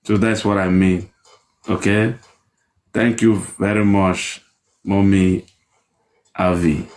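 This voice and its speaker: A man hosting a call-in discussion, relaxed and reassuring as he moves between callers. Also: sits low, slow pace. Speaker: show host.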